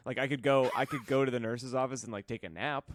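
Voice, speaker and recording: A man's voice: medium pitch, fairly quick, no room sound, clean studio sound. A man co-hosting a casual podcast, telling stories in a laid-back way with casual swearing. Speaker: podcast co-host.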